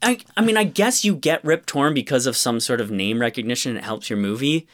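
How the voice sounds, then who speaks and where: Speaking briskly in an expressive, mid-range voice with a fairly bright tone, a man co-hosts a podcast and vents about a film. It's casual chat, heavy on swearing and exasperation.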